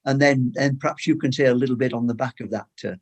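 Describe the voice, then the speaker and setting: A man's voice: mid-range voice, steady tone, quick pace. A man hosting an online group evening, encouraging his guest with brief affirmations. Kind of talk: casual chat.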